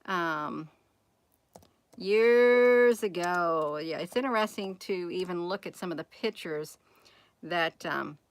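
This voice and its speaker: A woman's voice: lowish voice, slow pace, no echo. Rambling woman musing aloud. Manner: rambling, asks viewers many rhetorical questions; addresses viewers as "you all". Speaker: channel host. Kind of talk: casual musing vlog.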